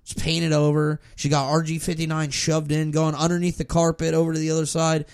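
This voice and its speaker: Man, gravelly voice, fairly high, casual radio chat, swears freely. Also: monotone, brisk, a little mellow. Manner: swears casually, dry reported dialogue. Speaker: co-host telling a work story.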